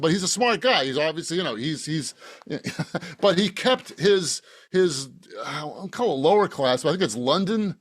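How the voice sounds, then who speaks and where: A man from Boston with a fairly high voice, talking as a guest on a podcast. He rambles from point to point, joking and laughing as he goes. The sound is dry and close, with no room in it. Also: animated, moderate pace, no room sound. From Boston, Massachusetts. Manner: rambling, joking, laughs often, frequent restarts. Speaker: author guest. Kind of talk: casual podcast interview.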